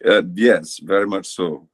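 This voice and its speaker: Slow low-voiced Brazilian-accented man. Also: breathy edge. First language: Portuguese. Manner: dry, teasing, laughs easily. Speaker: podcast guest. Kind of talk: casual chat.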